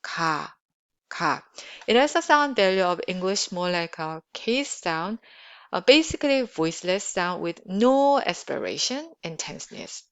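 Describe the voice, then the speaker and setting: A woman's voice: medium pitch, sing-song, normal speed, clear, resonant tone, highs cut off. A woman teaching pronunciation, patiently repeating syllables for practice. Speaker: Korean language teacher. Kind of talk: pronunciation lesson.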